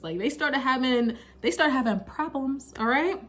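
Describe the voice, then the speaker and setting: Recorded on a camera mic, a young adult Bible study vlogger laughs frequently as she casually recounts a Bible story in slangy, chatty language. She speaks at normal speed with few pauses, in a high, slightly bright voice.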